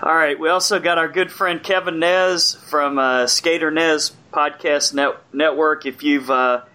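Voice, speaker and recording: A man hosting a horror podcast, introducing guests in relaxed casual chat with fillers. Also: on the high side, a little slow. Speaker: podcast host.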